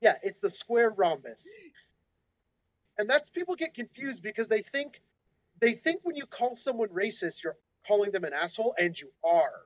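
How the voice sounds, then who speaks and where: A high-pitched man co-hosting a podcast conversation, laying out his views in a patient, lecturing way. His voice sits well up in its range, and the recording is dry and close, with no room sound. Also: big pitch swings, normal speed, a bit bright, dry recording, dull audio. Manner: explanatory, lecturing tone. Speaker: podcast co-host. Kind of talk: casual discussion.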